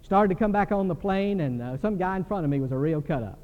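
An older man preaching a sermon in a church, animated and telling stories. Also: sits high, fast talker. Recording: dull recording with long hall reverb.

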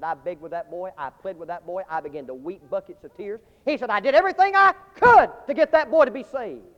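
A man preaching a sermon to a large crowd, telling a story with passion and dropping from shouts to hushed tones. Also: fairly high pitch. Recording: dull lo-fi recording with long hall reverb.

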